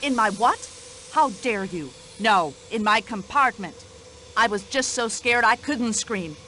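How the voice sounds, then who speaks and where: A brash American widow. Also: female voice, lively intonation, measured pace, sharp tone, slight background noise. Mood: indignant. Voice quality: shrill, indignant, chatty. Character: brash, nosy older American widow, easily offended. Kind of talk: video game voice acting.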